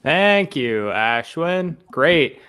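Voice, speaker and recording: A man's voice: on the high side, lively intonation, extremely slow, pushed and bright, smooth. Dry sarcastic male stand-up comedian. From Canada. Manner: dry, sarcastic, self-mocking. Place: his apartment.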